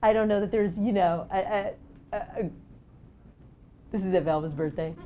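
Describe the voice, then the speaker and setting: A woman's voice: medium pitch, normal speed, dark tone, dull audio, slight background noise. A middle-aged woman, a documentary photographer, telling stories in a casual seminar talk, full of "like" and "you know" and acted-out quotes. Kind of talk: casual storytelling presentation. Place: seminar event space.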